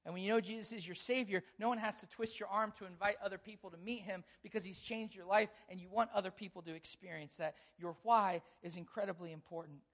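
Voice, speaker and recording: A high-voiced male pastor speaks fast, hardly pausing, as he recounts a family story with animated dialogue. The engaging storytelling then leads into scripture in his sermon.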